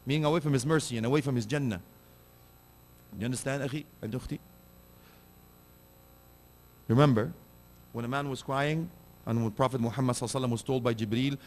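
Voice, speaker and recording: A man preaching a sermon, animated and direct, asking his listeners pointed rhetorical questions. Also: mid-range voice, fast talker, pauses often.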